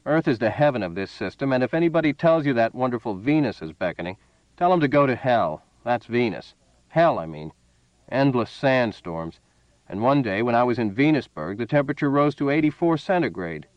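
A man voicing a smooth, menacing male card sharp aboard a spaceship, hearty and boastful, then cold and purring, on a dull, dry recording. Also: mid-range voice, lively intonation, fairly quick, dry recording, natural voice.

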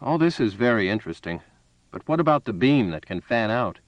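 A man's voice: mid-range voice, big pitch swings, brisk, no echo, muffled recording, lightly acted. A man reading aloud, voicing a desperate, grim man buying a gun, tense and urgent.

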